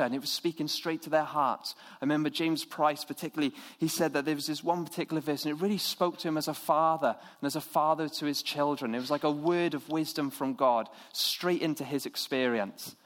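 A man delivers a sermon in an earnest, conversational way. His voice sits slightly higher than most men's, and he keeps things friendly and plain-spoken. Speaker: preacher.

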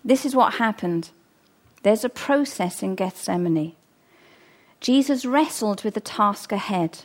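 A woman's voice: mid-range voice, animated, unhurried. A middle-aged woman preaching a sermon, earnest and emphatic, repeating her key phrases.

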